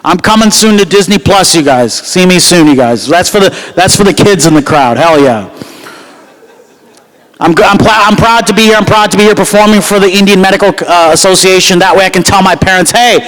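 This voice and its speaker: A man from the United States performing a loud, self-mocking stand-up comedy set at a gala banquet. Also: sits high, brisk, poor audio. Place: gala banquet hall with live crowd.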